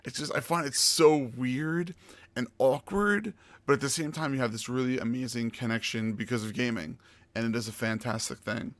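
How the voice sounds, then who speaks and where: A man's voice: mid-range voice, normal speed, fairly bright tone, no echo. A man hosting a casual podcast interview, friendly and encouraging as he asks questions. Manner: friendly, encouraging, laughs along. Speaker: podcast host, streamer.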